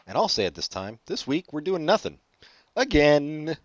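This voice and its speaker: Very animated at a normal speed, this co-host of a late-night podcast jokes and makes puns as he rambles in a slightly high voice. The audio is a dry, dull lo-fi recording without echo.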